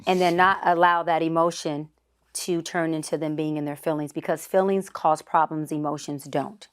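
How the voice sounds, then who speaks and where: Psychologist guest, woman in her thirties, lowish voice, direct and confident. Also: steady tone, moderate pace, clear, resonant tone. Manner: assertive, acts out example dialogue. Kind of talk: casual interview explaining.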